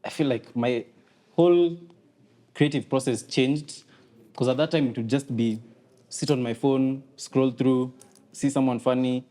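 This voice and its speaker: Kenyan man, comedian guest; mellow, relaxed delivery, animated when quoting. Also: mid-range voice, measured pace, long pauses. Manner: animated, acts out quotes in raised voices, mixes in Swahili. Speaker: podcast guest, comedian and content creator. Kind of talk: casual conversation.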